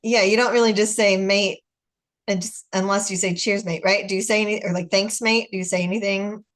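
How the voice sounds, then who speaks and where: A middle-aged woman hosting a relaxed chat over a video call. She talks in a loose, rambling way, full of filler words, at an ordinary mid pitch. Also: fairly quick. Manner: chatty, lots of "like" fillers. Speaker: host. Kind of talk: casual chat.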